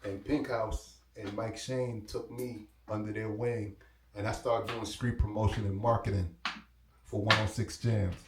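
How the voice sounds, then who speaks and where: A man's voice: lowish voice, flat delivery, a little slow, roomy sound, background noise. A middle-aged man with a Belizean-Caribbean accent telling stories in casual street slang, and acting out the people he quotes. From Belize and New York. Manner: laid-back street slang, acts out quoted dialogue. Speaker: guest. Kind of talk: casual storytelling.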